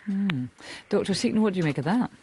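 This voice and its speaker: A woman hosting a live radio phone-in, chatty and quick to joke with her guests. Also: mid-range voice, expressive, dark tone, a little hiss or hum. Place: radio studio. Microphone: studio microphone.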